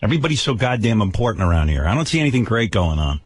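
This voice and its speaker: A man's voice: on the low side, very animated, very fast, slightly rough, no room sound. An older man hosting a radio show, ranting with profane sarcasm and stammered repeats. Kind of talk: angry on-air rant. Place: radio studio.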